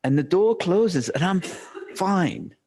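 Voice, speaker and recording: A man's voice: high-pitched, lively intonation, slow pace, darkish tone, slight background noise. A man giving a live talk, telling a story animatedly and acting out his own thoughts, with frequent restarts. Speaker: workshop speaker.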